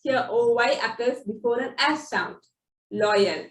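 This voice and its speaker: Slow, high-voiced woman teaching phonics. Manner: drawn-out, deliberate sounding-out of example words. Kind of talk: slow instructional explanation. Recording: echoey room, distant from the mic.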